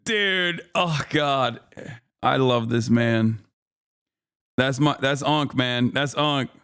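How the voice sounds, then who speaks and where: A man streaming live, reacting to a clip with animated, indignant commentary, swearing and laughing often. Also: mid-range voice, slow pace, clean tone.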